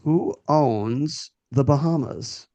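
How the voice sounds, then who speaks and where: A man's voice: on the high side, slow, dark tone, no echo. A man in his thirties co-hosting a movie podcast, making wry, dry jokes in casual chat. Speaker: podcast co-host.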